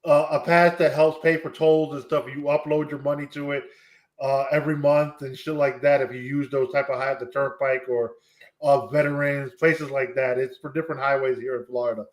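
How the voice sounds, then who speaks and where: A man's voice: medium pitch, fairly even intonation, normal speed. A man in casual chat on a live stream, talking in a blunt, reassuring and profane way.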